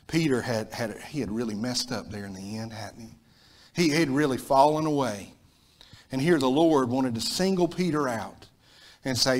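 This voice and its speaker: A Southern American preacher delivering a sermon with an emphatic, repetitive style. He builds to loud peaks and then drops low, in a mid-pitched man's voice. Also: expressive, normal speed, slight background noise. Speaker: pastor.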